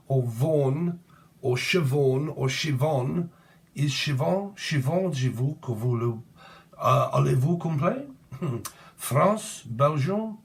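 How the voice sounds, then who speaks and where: A man's voice: mid-range voice, a little slow, creaky. A man reading tarot in a loose, stream-of-consciousness ramble. He hops from one word play and name to the next. His talk is casual and sprinkled with slang and swearing. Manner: free-associating, jumps between word plays and names, often laughs. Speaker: tarot reader.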